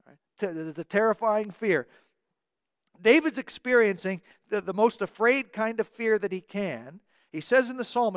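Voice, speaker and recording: A man's voice: sits high, clear, resonant tone, no room sound, studio quality. A man preaching a sermon as pastor, earnest and repeating words for emphasis.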